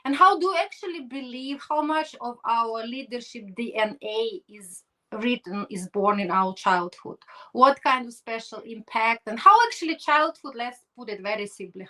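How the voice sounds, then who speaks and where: A woman's voice: on the high side, normal speed, pushed and bright, poor audio. A woman hosting a podcast interview over a video call, effusive and encouraging. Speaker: podcast host.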